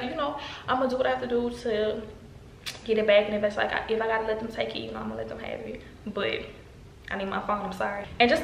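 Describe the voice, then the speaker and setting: A young woman rattles through a storytime vlog at a fast clip, her voice bright and forward. She acts out every quote with big leaps in pitch. The recording has a roomy echo and a faint hum of ambience behind it. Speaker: vlogger.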